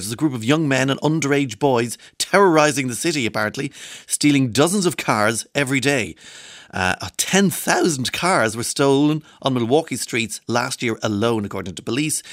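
A man's voice: medium pitch, fairly bright tone, no echo, studio quality. A man presenting the newspapers on the radio, chatty and digressive, with frequent restarts and asides. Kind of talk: casual radio chat.

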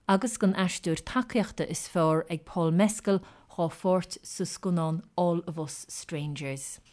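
A woman reading the news on radio with a steady, formal delivery. Her voice is fairly low for a woman. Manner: measured and formal. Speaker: newsreader. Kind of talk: read news bulletin.

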